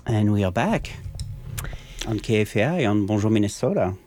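A man's voice: on the low side, animated, moderate pace, dark tone, a little hiss or hum. A man hosting a community radio show, asking questions in a hesitant, easygoing way. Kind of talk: casual radio interview.

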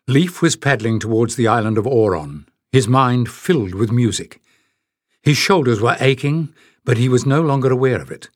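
Guy reading a fantasy audiobook, mid pitched, steady and expressive, dry close mic. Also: no echo. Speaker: audiobook narrator. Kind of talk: scripted narration.

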